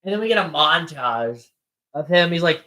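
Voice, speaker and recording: Bright-voiced casual podcast co-host. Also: mid-range voice, lively intonation. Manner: narrates plot with quick acted-out quotes. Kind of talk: casual movie-recap chat.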